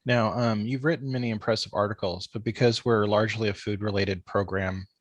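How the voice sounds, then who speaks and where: Lower-voiced man hosting a chatty podcast. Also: steady tone, brisk, dry recording. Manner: chatty, tells anecdotes with laughter. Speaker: podcast host. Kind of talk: casual interview conversation.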